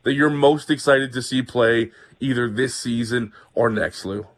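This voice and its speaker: A man with an even, mid-range voice hosts a sports radio show. His sound is a little muffled, and his patter stays friendly and brisk between interviews and promos. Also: medium pitch.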